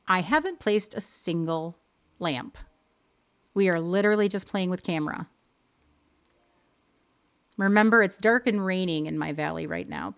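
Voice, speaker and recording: A woman hosting a live stream, casually explaining how to use in-game photo settings and often rephrasing herself as she goes. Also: on the low side. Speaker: livestream host teaching game photo editing.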